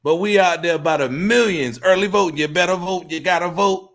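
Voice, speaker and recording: A man's voice: high-pitched, brisk, fairly bright tone. A man leading a casual scripture discussion with preaching emphasis.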